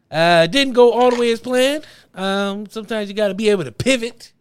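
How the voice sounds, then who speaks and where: A man's voice: sits high, a little fast, clear, resonant tone. A man hosting a podcast, joking in loose, profane banter with friends and laughing often. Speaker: podcast host. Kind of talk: casual banter among friends.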